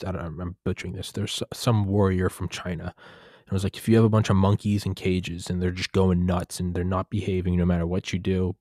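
A man's voice: low-pitched, darkish tone, no echo, clean studio sound. A young man talking in a casual, rambling monologue, profane and digressive, often restarting his sentences.

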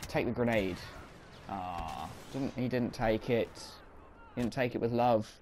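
A man's voice: medium pitch, a little slow, a little mellow, a little hiss or hum. Chatty man narrating his gameplay. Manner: chatty, self-mocking, reacts on the fly. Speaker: gaming commentator. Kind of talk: casual gameplay commentary.

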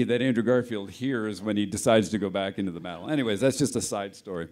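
A man's voice: fairly low pitch, fairly quick, hardly any pauses, a little mellow. A middle-aged man, a film sound mixer, explaining his work at a panel interview, hesitant with many restarts.

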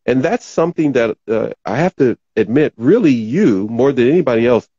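A man hosting a talk show, rambling casually as he reads out viewer comments, his voice going hoarse. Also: mid-range voice, lively intonation, normal speed, dark tone, no echo, highs cut off. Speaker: podcast host.

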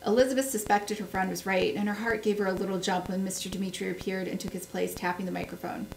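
A woman's voice: mid-range voice, little pitch movement, quick pace, gravelly, few pauses, echoey room, far from the mic, a little hiss or hum, rough recording. Woman reading a cozy mystery aloud. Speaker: book club host reading aloud.

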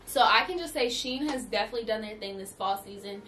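A woman's voice: medium pitch, fast, fairly bright tone, slight background noise. A young woman vlogging a clothing haul, bubbly and gushing as she talks straight to her viewers. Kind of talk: excited try-on haul chat. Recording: voice a bit far from the mic, music underneath.

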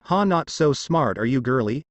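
A man's voice: mid-range voice, animated, normal speed, no room sound, natural voice. A man voicing a smug, superior teenage boy ninja in a fanfiction reading. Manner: superior, smirking.

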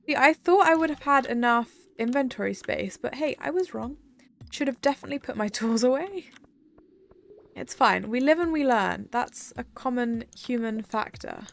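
A woman's voice: fairly high pitch, animated, moderate pace, creaky, slight background noise. A young woman chatting casually on a live game stream, rambling and giggling as she talks to her viewers. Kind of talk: casual live-stream chat while gaming.

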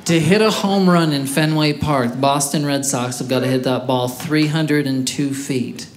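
A man's voice: on the high side, fairly even intonation, normal speed. A man doing a matter-of-fact stand-up routine that builds to mock outrage, on a comedy stage. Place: comedy stage before a live audience.

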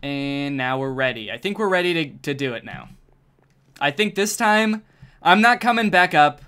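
A man's voice: on the high side, moderate pace, clear, resonant tone. A young man streaming a game, chatting casually and jokily to himself and his viewers, with keyboard typing behind him. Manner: jokey, excitable, talks to himself and to chat.

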